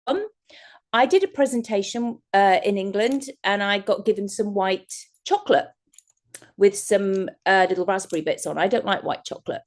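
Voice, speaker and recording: A woman's voice: medium pitch, moderate pace. A woman giving a chatty, rambling workshop talk as a guest speaker over a video call, often breaking into laughter. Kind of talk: online workshop presentation.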